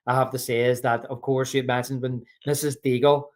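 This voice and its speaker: A man's voice: medium pitch, level tone, brisk, darkish tone. A man co-hosting a film podcast, chatting casually and retelling scenes with frequent restarts. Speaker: podcast co-host.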